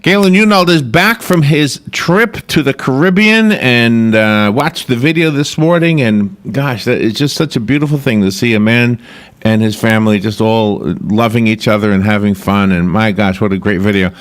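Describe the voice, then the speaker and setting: A man's voice: medium pitch, moderate pace. A man hosting a radio show, reading the weather and chatting, who laughs often. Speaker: radio host. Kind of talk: casual chat and weather report.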